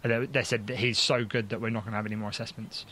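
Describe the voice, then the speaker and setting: A man's voice: on the low side, rapid-fire, slight background noise. Father telling a rambling testimony. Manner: rambling, many restarts and fillers, grows excited. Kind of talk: casual conversational testimony.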